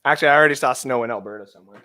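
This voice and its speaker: A Canadian man in his thirties co-hosting a sports podcast, ranting with heavy swearing, swinging from shouting to muttering. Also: medium pitch, rapid-fire. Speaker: fantasy sports podcast co-host.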